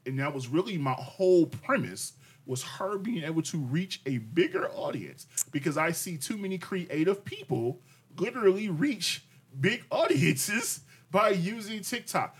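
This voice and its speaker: A man's voice: high-pitched, big pitch swings, measured pace, slightly rough. A man co-hosting a podcast, arguing his point in casual chat, insistent and direct, often repeating himself. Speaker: podcast co-host.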